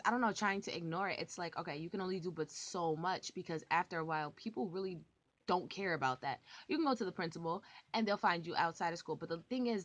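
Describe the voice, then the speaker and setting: A young adult woman telling a personal story to camera in a rambling, animated way, full of filler words and the odd swear word. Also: fairly low pitch. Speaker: vlogger. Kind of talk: casual storytime monologue.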